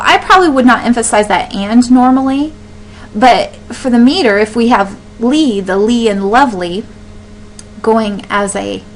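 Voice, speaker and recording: A woman's voice: fairly high pitch, slight background noise, rough recording. Woman teaching a poetry lecture. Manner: explanatory, asks and answers own questions; many ums and restarts. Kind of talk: recorded slide lecture.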